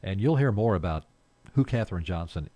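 A man's voice: sits low, animated, fairly quick, mellow. A man hosting a small-town morning radio show, chatting casually and rambling through announcements and jokes. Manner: folksy, rambling, jokes and chuckles. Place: radio studio.

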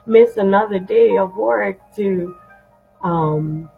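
Gravelly woman on a tinny line. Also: medium pitch, slow. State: recovering from a cough. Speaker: guest sharing a testimony. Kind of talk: casual testimony in a prayer conversation. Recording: tinny phone-like sound with music behind.

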